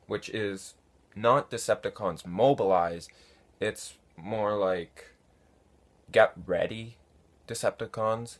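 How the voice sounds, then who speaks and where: A man casually answering viewer comments, unhurried and halting, with many fillers. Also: fairly low pitch. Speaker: fan conlang vlogger answering comments. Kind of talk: casual talk to camera.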